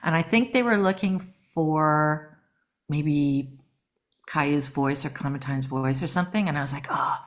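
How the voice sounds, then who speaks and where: A middle-aged woman from Canada, a voice actress telling stories in a casual interview, lively and quick to giggle. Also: low-pitched. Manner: lively, acts out quoted voices, giggles often. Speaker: guest voice actress.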